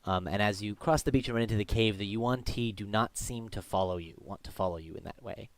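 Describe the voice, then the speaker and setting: A man's voice: on the low side, brisk. A man running a tabletop game as game master, narrating the scene with frequent ums and uhs.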